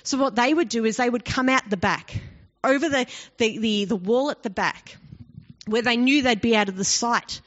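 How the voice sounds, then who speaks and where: A woman with a somewhat high voice leads a Bible study, explaining a passage in a relaxed, conversational way. She often turns to the listeners with rhetorical questions. The recording sounds dull and lo-fi. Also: normal speed. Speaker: bible teacher.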